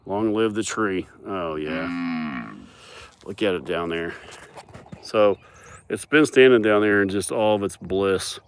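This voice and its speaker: A man's voice: deep voice, takes it slowly, pauses often, clean tone. A man chatting casually on a live stream while out among cattle in a pasture, joking and talking to the animals. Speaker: livestreamer on a farm.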